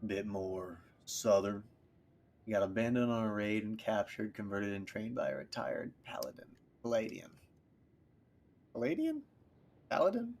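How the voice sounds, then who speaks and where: While streaming a game live, a man with a lowish, steady voice talks at a normal speed, rambling casually, thinking aloud, and reading viewers' questions back. Loud game music plays behind him, with slight background noise.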